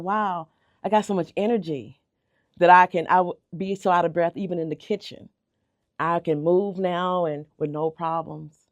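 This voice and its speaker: A woman's voice: on the low side, lo-fi sound. A middle-aged woman speaks as a guest in a radio studio, telling her story earnestly and from the heart. Her voice is close and dry, with no room echo, and she sometimes repeats words as she gathers herself. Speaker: bakery owner, interview guest. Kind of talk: emotional storytelling in a radio interview. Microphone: radio studio microphone.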